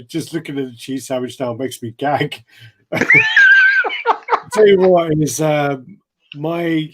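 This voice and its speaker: A man's voice: medium pitch, darkish tone, a little hiss or hum, poor audio. A man with a nasal voice, hosting a casual, rambling live chat. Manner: chatty, rambling, swears. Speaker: host.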